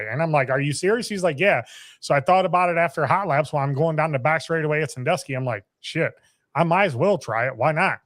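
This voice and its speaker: A man's voice: fairly high pitch, animated, quick pace, a bit bright, dry recording. A man, a race announcer, talking bluntly in casual chat, swearing and repeating words.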